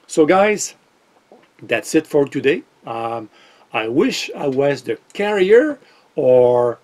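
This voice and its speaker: A man with a French accent runs a casual tech vlog, speaking straight to his viewers. His voice sits a little high for a man. He sounds exasperated and incredulous, thinking out loud as he talks. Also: sing-song, slow pace. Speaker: tech vlogger. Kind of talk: casual commentary to camera.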